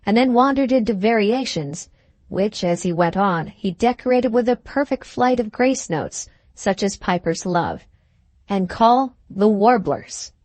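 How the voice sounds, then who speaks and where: A woman narrating an adventure novel audiobook in a steady, measured reading. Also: medium pitch, no room sound.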